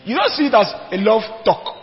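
A man preaching a sermon, emphatic, repeating his points and asking the congregation if they follow. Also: high-pitched. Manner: emphatic, asks the congregation questions, repeats phrases. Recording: dull long hall reverb with faint music.

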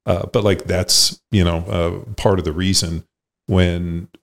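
A man with a very low voice hosts a podcast in loose, casual conversation. He speaks bluntly, swears a lot and wanders through his points with plenty of restarts. His tone is that of a former player telling it straight. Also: fairly even intonation, takes it slowly, gravelly. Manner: blunt, profane, rambling.

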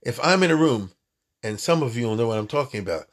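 A man giving an informal, animated Torah talk, acting out voices and laughing at his own jokes. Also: mid-range voice, fast. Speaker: rabbi teaching Torah.

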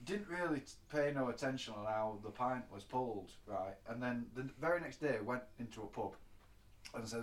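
A man's voice: medium pitch, lively intonation, moderate pace. A man who co-hosts a podcast. He tells stories in casual chat and swears freely. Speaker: podcast co-host. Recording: roomy echo.

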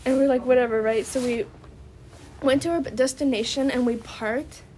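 A young woman co-hosts a casual podcast chat and rambles through her story, leaning on "like" in nearly every phrase. Her voice sits a little high. A faint hiss of noise runs under the recording. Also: moderate pace, darkish tone. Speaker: podcast co-host.

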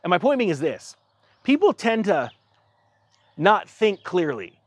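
Man, casual rant, acts out both sides of a conversation, higher-pitched voice, dry close sound. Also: sing-song, measured pace, dry recording. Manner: exasperated, self-interrupting restarts. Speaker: YouTube commentator.

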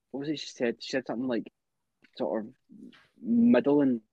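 Fast-talking Scottish man, dull dry sound. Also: medium pitch, dark tone, husky, no room sound. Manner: fast, words jumbled together. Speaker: podcast co-host. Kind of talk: casual chat.

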